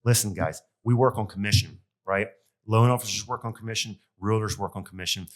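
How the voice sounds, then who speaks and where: A man's voice: lowish voice, brisk. A man hosting a podcast, a loan officer talking casually and venting with exasperation, full of ums and uhs. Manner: exasperated, animated venting with lots of fillers. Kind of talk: casual solo podcast monologue.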